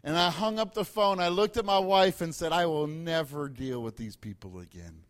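A man's voice: fairly high pitch, moderate pace. A middle-aged man preaching a sermon, telling a funny story and building to emphatic points. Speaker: pastor.

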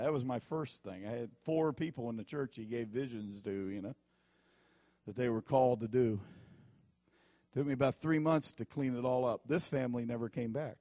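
A man's voice: mid-range voice, normal speed, mellow, no room sound. A man preaching a sermon as pastor, telling folksy stories and repeating his warnings with emphasis.

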